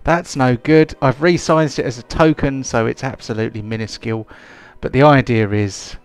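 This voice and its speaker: A man's voice: mid-range voice, fairly even intonation, normal speed, smooth. A man narrating as game master of a tabletop game, rambling with many fillers.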